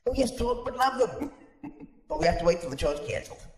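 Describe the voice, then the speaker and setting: A bright, giggly young niece, voiced by a man who answers her aunt eagerly. The voice is pitched very high and bounces around a lot. It is recorded in a roomy, echoey space for an improvised comedy podcast. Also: big pitch swings, fast. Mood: eager replies. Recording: roomy echo.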